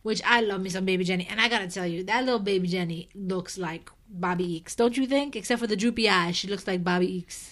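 A woman's voice: medium pitch, fast talker, hardly any pauses, a bit bright. A woman co-hosting a casual chat, talking in an emphatic, opinionated way. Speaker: co-host.

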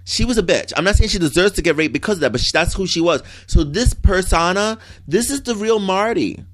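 A man co-hosting a casual chat, gushing and animated, quick to act out characters in little bursts. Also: high voice. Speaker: soap opera fan co-host.

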